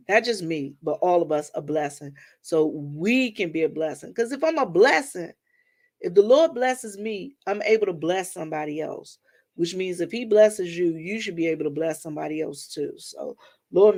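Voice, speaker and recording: A woman's voice: fairly low pitch, expressive, normal speed, darkish tone. A woman hosting a casual livestream, greeting viewers by name and using churchy phrases, talking into a phone or webcam mic at home. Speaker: livestream host. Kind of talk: casual live chat with viewers.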